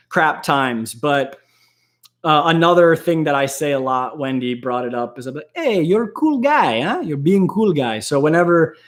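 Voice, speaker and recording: A man hosting a casual aquarium live stream, rambling and laughing a lot, sometimes slipping into goofy voices. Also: fairly high pitch.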